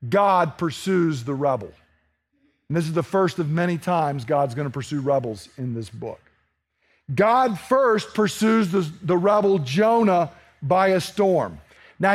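High-voiced man preaching a folksy sermon. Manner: folksy storytelling with asides. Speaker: pastor.

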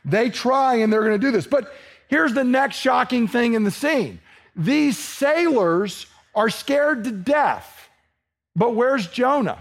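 A man's voice: extremely high pitch, expressive, takes it slowly. A man preaching a sermon, telling it in a folksy way with personal stories and asides. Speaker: pastor.

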